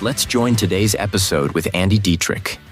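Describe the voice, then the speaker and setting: A man's voice: deep voice, normal speed. A man announcing a podcast episode in a scripted, promotional intro. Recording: announcer over loud guitar music.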